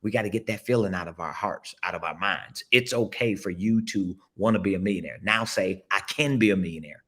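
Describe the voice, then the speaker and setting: A man with a slightly low voice talks to his audience on a casual live stream. He coaches emphatically, repeating himself and coaxing listeners to say phrases back. He speaks from a seat at an indoor table. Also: fairly quick, fairly bright tone, breathy edge. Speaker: business coach. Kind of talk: casual livestream motivational talk.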